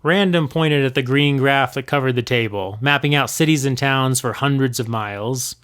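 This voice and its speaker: Male reader narrating fan fiction, expressive, middle pitch. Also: normal speed, smooth. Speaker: reader of his own old fanfiction. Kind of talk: reading a story aloud.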